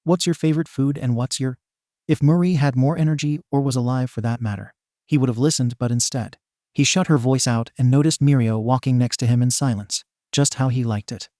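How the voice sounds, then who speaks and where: Mellow-voiced man reading a story. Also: medium pitch, fairly quick, dry recording, studio quality. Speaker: narrator. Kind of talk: reading fan fiction aloud.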